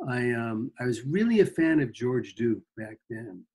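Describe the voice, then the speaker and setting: A man's voice: medium pitch, lively intonation, measured pace, a little mellow, breathy edge. A man guest on an interview, telling rambling anecdotes about his music career and acting out quotes. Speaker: guest guitarist. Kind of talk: casual storytelling interview.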